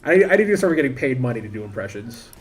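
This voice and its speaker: A man's voice: mid-range voice, very animated, fast. A man streaming a game, chatting casually and thinking aloud in a rambling, self-interrupting way. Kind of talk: casual live-stream commentary.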